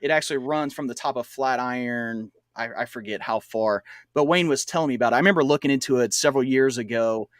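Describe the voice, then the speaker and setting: Man, podcast co-host, rambling storyteller, plenty of fillers, middle pitch, dry sound. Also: quick pace, few pauses, dry recording. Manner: rambling, laughs often, many fillers. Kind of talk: casual storytelling chat.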